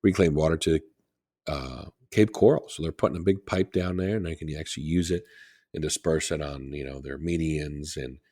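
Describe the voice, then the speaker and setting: Here a Southwest Florida podcast co-host with an extremely low, darkish voice and a breathy edge talks at normal speed with fairly even intonation. Chatting casually and rambling, he plugs a local business, saying its phone number again and again.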